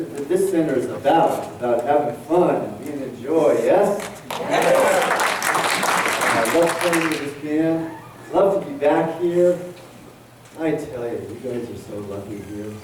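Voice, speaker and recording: A man in his sixties preaches in a large hall and tells a joke with lively voices for each character. His voice comes from a distant mic and sounds at a middling pitch. The long echo of the room rings behind it along with a faint hiss. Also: a little slow, a loud crowd. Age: 60s. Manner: animated storytelling, voices the characters. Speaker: guest minister. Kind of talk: sermon with a told joke. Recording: very echoey hall, mic far off, faint noise.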